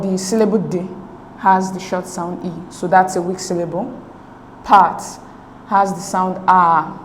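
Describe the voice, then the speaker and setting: Lowish-voiced woman tutoring in an echoey room. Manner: patient, methodical, checks in with "okay?". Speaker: teacher. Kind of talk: exam tutorial explanation. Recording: echoey room with faint noise.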